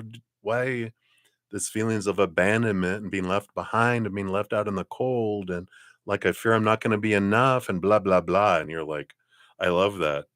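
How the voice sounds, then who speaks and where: A man giving a live tarot card reading, lively and chatty, often clearing his throat and acting out other people's lines. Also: no room sound, studio quality. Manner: animated, acts out other people's lines in high voices.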